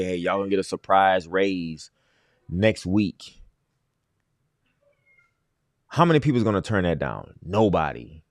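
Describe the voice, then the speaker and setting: Male livestream host with a lowish voice, dry sound, emphatic casual delivery that hammers his points home. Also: dry recording.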